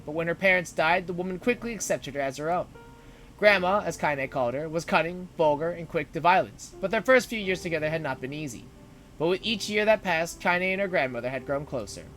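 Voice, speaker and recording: High, bright-voiced male storyteller. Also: animated, brisk, faint music behind. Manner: narrates, breaks in with joking asides. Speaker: streamer. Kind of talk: dramatic read-aloud of a story on stream.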